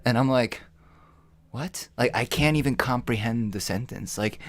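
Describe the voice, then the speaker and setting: A man in a casual podcast chat, spinning a story with lots of energy and putting on the voices of the people in it. His voice sits at an ordinary middle pitch. The sound is dry and close, with no room around it. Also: normal speed, no room sound. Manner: animated, acts out quoted voices, swears. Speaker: podcast co-host.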